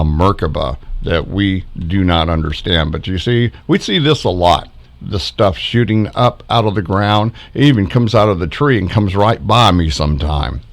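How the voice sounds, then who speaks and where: A middle-aged man with a fairly low voice narrates his backyard footage in an easy, casual vlog manner. His pitch swings widely from low mumbles to high exclamations, and he chuckles often as he points things out. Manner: chuckling, pointing out faces in orbs. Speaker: backyard ufologist vlogger.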